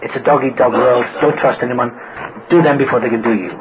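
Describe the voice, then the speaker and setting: A man's voice: medium pitch, steady tone, fairly quick, natural voice. A man voicing his bitter, cynical old father, blunt and scornful. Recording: tinny phone-like old recording with hiss.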